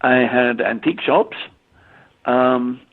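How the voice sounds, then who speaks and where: An English man in his sixties, a medium, answering interview questions in a halting way, often repeating words and using fillers. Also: mid-range voice, steady tone. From England. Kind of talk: conversational interview. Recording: tinny phone-line audio.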